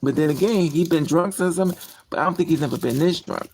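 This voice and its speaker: A woman chatting on a livestream, telling a story in an animated way with sudden outbursts. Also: low-pitched, fairly quick, slight background noise. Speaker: livestream host. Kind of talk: casual storytelling.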